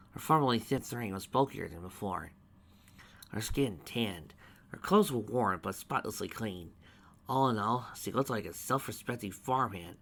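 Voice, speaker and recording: A man reading fan fiction aloud, his pitch swinging up and down a lot, stumbling and restarting words now and then, sounding like an amateur reader at home rather than a polished narrator. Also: a bit bright. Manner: halting reading with frequent restarts.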